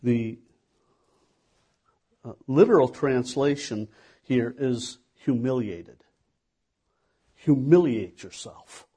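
A male pastor delivers a sermon at an unhurried pace. His voice is mellow and a little husky, and he speaks conversationally, putting questions to his listeners. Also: medium pitch, animated. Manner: conversational preaching with rhetorical questions.

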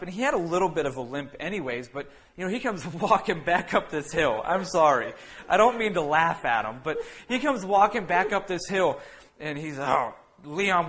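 A man's voice: a little high, fairly bright tone. A man preaching a sermon in a casual storytelling way, rambling through an anecdote with many restarts and fillers. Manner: breaks into laughter while telling a funny story.

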